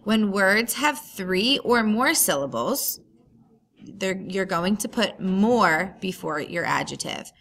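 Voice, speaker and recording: A woman's voice: medium pitch, lively intonation, slow, a bit bright. A woman teacher talking through a recorded grammar lesson, patient and explaining step by step.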